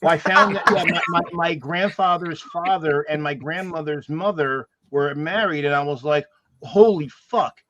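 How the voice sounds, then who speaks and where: A man's voice: fairly high pitch, fairly even intonation, normal speed, few pauses, pushed and bright. A man with a New York-New Jersey accent, chatting casually as a podcast co-host and telling stories with lots of restarts. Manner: storytelling, laughing, restarts. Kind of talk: casual chat.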